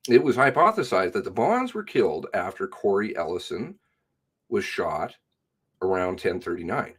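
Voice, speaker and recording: A man's voice: sits low, huge pitch swings, a little slow, creaky, breathy edge. A man reading news reports aloud and breaking in with sarcastic comments. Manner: sarcastic asides.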